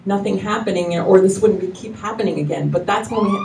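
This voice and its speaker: This woman minister's gravelly, medium-pitched voice runs a little fast with few pauses as she gives her congregation a casual, effusive sermon. She rambles loosely and keeps restarting sentences. Captured from a distance in an echoey church hall full of people, the audio carries faint noise.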